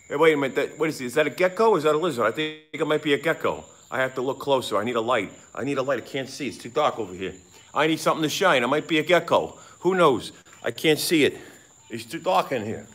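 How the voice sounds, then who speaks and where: A middle-aged man live-streaming outdoors at night by a pond on a phone, rambling, excitable and swearing freely while sweating in the heat. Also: medium pitch, fairly quick. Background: frogs and insects chirping.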